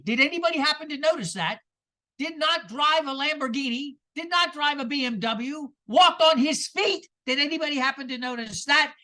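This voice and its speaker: A man preaching a sermon as minister, animated and rhetorical, with sarcastic asides. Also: very high voice.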